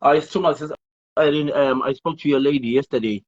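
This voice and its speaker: A man's voice: fairly high pitch, steady tone, quick pace. A man hosting a casual talk-show discussion, talking emphatically and repeating himself. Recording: muffled lo-fi audio.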